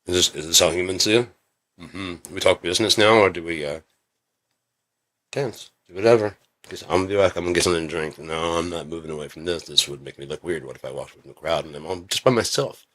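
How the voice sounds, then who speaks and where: A man's voice: low voice, quick pace, a bit bright. A man talking in a rambling, swearing monologue, coughing often and acting out quoted voices. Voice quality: frequent coughing. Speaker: video creator.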